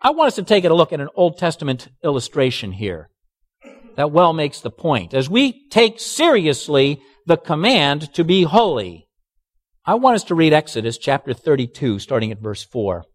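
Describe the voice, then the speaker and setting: A man's voice: on the high side, sing-song, moderate pace, long reverb tail. A male pastor preaching a sermon emphatically, with sarcastic asides.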